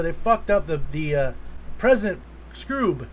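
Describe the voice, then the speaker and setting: A man's voice: on the high side, big pitch swings, unhurried, slight background noise. A man co-hosting a casual movie podcast, rambling through scenes, swearing freely and laughing as he retells them. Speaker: podcast co-host. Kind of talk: casual movie review chat.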